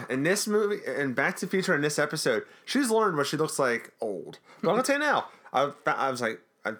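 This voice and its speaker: Chatty male podcast co-host with a lively, swinging voice, jokey recap banter. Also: on the high side, fairly quick. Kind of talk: casual recap chat.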